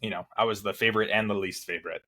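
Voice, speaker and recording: Man, podcast host, fairly low voice, casual, rambling questions. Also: fairly even intonation, rapid-fire, pushed and bright. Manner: rambling questions full of fillers and restarts. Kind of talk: casual interview.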